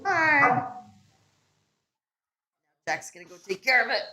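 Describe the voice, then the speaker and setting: A woman's voice: high-pitched, sing-song, slow, sharp tone, reverberant. A woman co-hosting a casual cooking podcast at home, chatty and teasing. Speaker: podcast co-host. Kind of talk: casual chat while cooking. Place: home kitchen.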